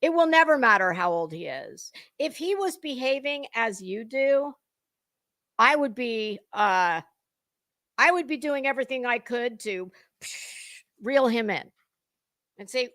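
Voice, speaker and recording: A woman's voice: a little high, lively intonation, a little slow, long pauses, a bit bright, dry recording. A middle-aged woman hosting drama commentary, scathing and mocking, lecturing and swearing freely. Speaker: commentary channel host.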